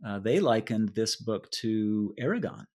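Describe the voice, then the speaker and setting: A man guesting in a relaxed interview, talking in a loose, rambling way with frequent restarts. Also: lowish voice, a little slow. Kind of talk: casual chat.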